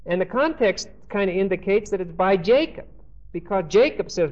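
A man with a fairly high voice leads a Bible lecture, reading verses aloud and quizzing his class. He keeps checking in with an "okay?" as he goes. The recording is dull and lo-fi. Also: big pitch swings, normal speed, a little mellow. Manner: checks in with the class, asking questions and saying "okay?"; reads scripture aloud and explains it. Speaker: Bible teacher.

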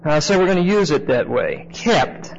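A man teaching a Bible class in a conversational way. He spells out word meanings slowly, repeats key phrases and asks his listeners questions. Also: on the high side, very animated, a little hiss or hum. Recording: muffled lo-fi recording.

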